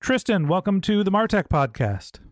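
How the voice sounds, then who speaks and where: A man's voice: sits high, very animated, normal speed, no room sound, clean studio sound. A man in his forties from Silicon Valley, hosting a podcast interview in a casual, joking, tongue-in-cheek way. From Silicon Valley, USA. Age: 40s. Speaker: podcast host.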